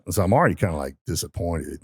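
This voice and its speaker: A man's voice: deep voice, expressive, rapid-fire, breathy edge, dry recording, studio quality. A man telling stories in a casual podcast conversation, emphatic and motivational. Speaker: podcast guest.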